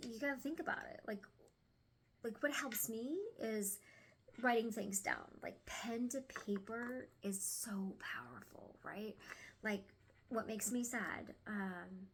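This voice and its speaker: A woman's voice: fairly high pitch, a little hiss or hum. A young woman chatting casually at home through a tarot card reading, stumbling over words now and then and sometimes dropping to a whisper.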